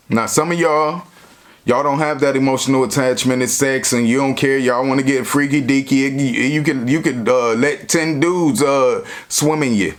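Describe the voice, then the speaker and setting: Slangy high-voiced man rambling a story. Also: a bit bright. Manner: rambling, heavy "you know" fillers, slangy. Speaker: vlogger telling a story. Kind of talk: casual storytime monologue.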